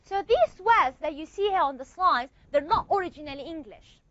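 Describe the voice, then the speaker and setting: A language teacher gives a classroom lecture at a moderate pace in a very high, lively voice that swings widely up and down. She explains patiently, step by step, checking in with short questions. The recording is dull and lo-fi, with no room sound.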